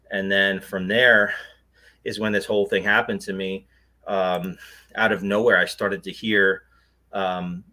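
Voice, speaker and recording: A man's voice: lowish voice, bright, forceful tone. A man, a guest on an interview show, earnestly recounting a personal experience in a rambling way, full of fillers and restarts. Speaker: guest, paranormal investigator.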